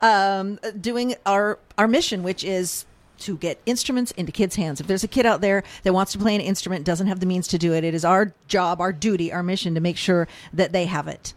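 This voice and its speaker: A woman talking enthusiastically as a studio guest on a radio show, chatty and full of quick restarts. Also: lowish voice, no room sound. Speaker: guest from a local music charity. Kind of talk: radio interview.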